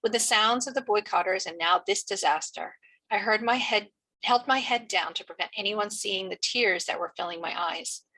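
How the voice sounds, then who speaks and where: A woman teacher reading a novel chapter aloud in a steady storytelling manner. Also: medium pitch, moderate pace, low-quality recording.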